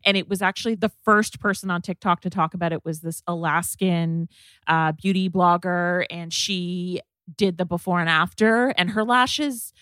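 A woman's voice: on the low side, fairly even intonation, moderate pace, fairly bright tone, clean tone, no room sound, studio quality. A woman hosting a beauty podcast, talking in a chatty way with plenty of filler words. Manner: chatty, filler-heavy product talk. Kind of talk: casual podcast chat.

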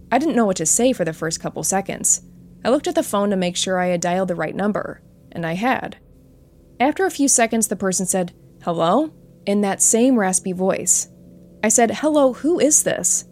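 A woman hosting a spooky story show, reading listener stories aloud in a soft, earnest storytelling voice. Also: medium pitch. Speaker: host and narrator.

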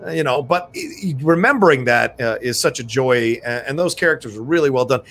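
A man hosting a casual live stream, steering the talk and musing warmly about a favorite show. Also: mid-range voice, brisk. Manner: relaxed, reflective, steers the show. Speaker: host. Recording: faint background noise.

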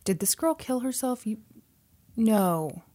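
A woman co-hosting a podcast, jokey and quick to react, often laughing. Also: a little high, lively intonation, mellow. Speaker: podcast co-host. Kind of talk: casual podcast chat.

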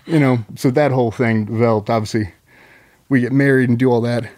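A middle-aged man recounts a story as a guest, talking casually and profanely. His speech is packed with ums and likes. His voice sits at an ordinary middle pitch. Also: steady tone, a little fast, darkish tone. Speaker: guest, military veteran.

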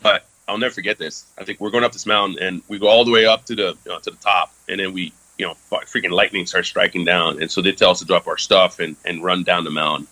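Low bright-voiced man telling a war story. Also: fairly even intonation, fast, hardly any pauses, rough recording. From France. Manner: candid, swears casually, many fillers. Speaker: guest. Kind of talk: casual storytelling interview.

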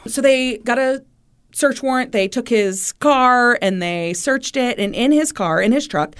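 A woman co-hosting a podcast, telling a true crime story in a casual, animated way and acting out what people said. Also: a little high, a little slow, clean tone. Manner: animated retelling, acting out quotes. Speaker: podcast co-host.

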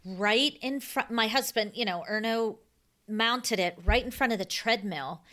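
Bright, teasing woman co-host. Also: fairly high pitch, a little slow. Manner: enthusiastic and teasing. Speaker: podcast co-host. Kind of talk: casual chat.

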